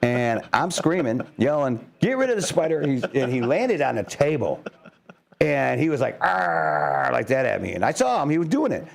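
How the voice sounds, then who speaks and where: A Midwestern American man hosting a radio show, telling stories in a lively voice that swings up and down. He jokes around in easy chat at a medium pitch, speaking from a studio mic. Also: normal speed, vocal fry. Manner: animated storyteller, jokey.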